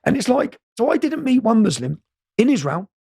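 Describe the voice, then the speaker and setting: A man's voice: very high-pitched, sing-song, moderate pace, creaky, dark tone, husky, dry recording, studio quality. A man, an interview guest, telling stories casually with many repeated words and "yeah?" tags.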